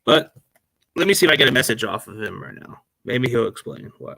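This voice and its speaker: Dude hosting a sports podcast off his laptop, bright kinda tense voice, super casual rambling. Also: medium pitch, expressive, brisk, creaky, no echo. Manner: rambling, slangy, addresses listeners as man and dude. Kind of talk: casual chat. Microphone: laptop microphone.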